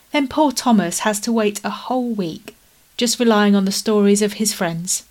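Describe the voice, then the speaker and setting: Brief: soft-spoken woman preacher, mid-range voice, calm and unhurried. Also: mid-range voice. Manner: gentle, measured, slowing into soft prayer. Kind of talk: sermon.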